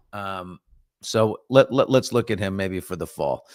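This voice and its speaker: A middle-aged man with a New York accent hosts a casual morning show, reading viewer comments and telling stories. His voice sits on the lower side, and he talks in an animated, chatty way. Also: a little slow, dry recording, clean studio sound. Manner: animated storyteller, reads viewer comments aloud. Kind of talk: casual storytelling chat.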